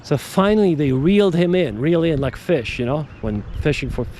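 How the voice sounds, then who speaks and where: Rambling man with a mellow voice. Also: a little high, expressive, normal speed, slight background noise. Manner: digressive, emphatic, repeats words and restarts sentences. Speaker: podcast host. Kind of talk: casual rambling monologue.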